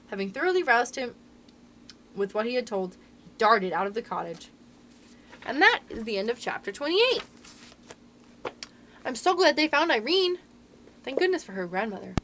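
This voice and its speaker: A woman librarian reading a children's storybook aloud in an expressive, sing-song storyteller manner. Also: on the high side, fairly quick, long pauses, slight background noise.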